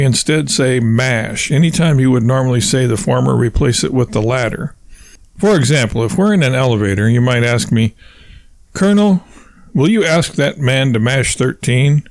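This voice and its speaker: A man's voice: medium pitch, expressive, normal speed, dry recording, lightly acted. Brief: man reading a self-important, wordy husband who lectures; dry voice. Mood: pompous. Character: pompous long-winded husband, self-styled colonel.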